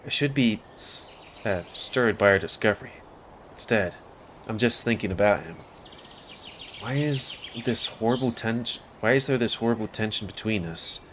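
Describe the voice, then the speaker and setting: Low-voiced man reading a game aloud. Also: moderate pace, fairly bright tone, slight background noise. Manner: casual first-person narration with asides. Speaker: game streamer. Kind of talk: reading a visual novel aloud.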